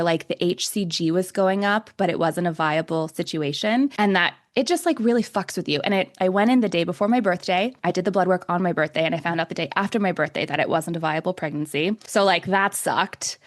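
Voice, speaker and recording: A woman's voice: lowish voice, creaky, dry recording, clean studio sound. A middle-aged woman hosting a podcast, talking in an effusive, emotional, confiding way. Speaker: podcast host. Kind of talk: casual interview chat.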